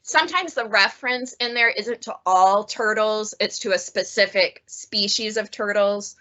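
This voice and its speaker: A woman's voice: mid-range voice, normal speed, sharp tone. A woman librarian chatting casually about funny books she has read, laughing often as she talks. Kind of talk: casual book review chat.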